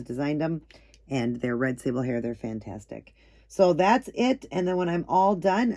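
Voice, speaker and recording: A woman's voice: rumbling low, vocal fry, a little mellow. A middle-aged woman hosting a nail art channel, talking in a rambling, casual way and often repeating herself. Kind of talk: casual tutorial chat.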